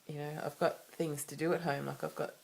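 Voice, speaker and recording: A woman's voice: sits low, flat delivery, fairly quick, creaky, a little mellow. A woman with an Australian accent talking to camera in a personal vlog, candid and rambling, with many restarts and asides. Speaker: vlogger.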